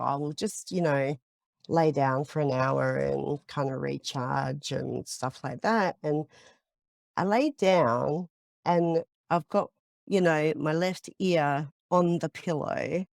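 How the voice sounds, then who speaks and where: A woman's voice: deep voice, vocal fry, a little mellow, dry recording, studio quality. A woman, a psychic paranormal investigator, telling stories in casual podcast chat with lots of fillers. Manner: chatty storytelling with many fillers.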